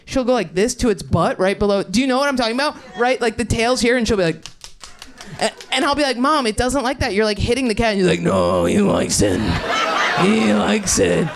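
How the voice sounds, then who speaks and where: A woman's voice: a little high, fast, slight background noise. A young woman doing an improvised stand-up set, brash and rambling, laughing through her punchlines. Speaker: stand-up comedian.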